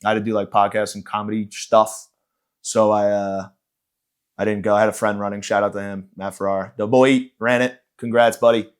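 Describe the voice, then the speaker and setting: A man's voice: fairly low pitch, little pitch movement, normal speed, clean tone. A man hosting a comedy podcast, delivering a rambling, sarcastic, profane rant. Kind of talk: ranting comedic monologue.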